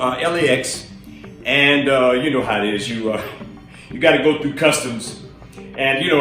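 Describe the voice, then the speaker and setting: A man's voice: medium pitch, fairly bright tone, distant mic. Chatty preacher man, echoey room. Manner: chatty, laughing, acts out voices in his stories. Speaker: minister. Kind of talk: casual sermon with storytelling. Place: live stream from a roomy space.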